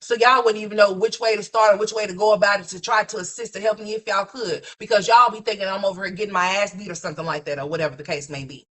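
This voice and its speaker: A woman's voice: medium pitch, fairly even intonation, fast talker, few pauses, fairly bright tone. A woman doing casual live commentary as a streamer, blunt and profane, scolding the person she is reacting to. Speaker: livestream commentator. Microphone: streaming mic.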